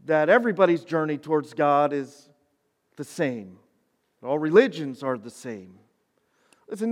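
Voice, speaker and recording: A man with a high, bright-edged voice gives an animated, chatty sermon to a youth crowd. His talk is loose and conversational, and he often laughs at himself. A long reverb hangs on every phrase, as in a large church hall. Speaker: preacher.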